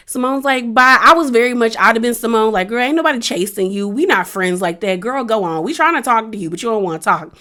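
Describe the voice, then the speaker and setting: A woman's voice: mid-range voice, fairly bright tone. A woman hosting a casual review of a reality show episode, chatty and laughing often as she acts out what the cast said. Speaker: reality TV recap host.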